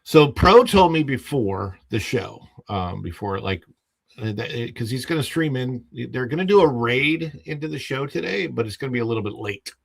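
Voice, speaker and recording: A man's voice: medium pitch, lively intonation, moderate pace, gravelly. A man hosting a casual livestream podcast, rambling and full of fillers and restarts, often laughing at his own stories.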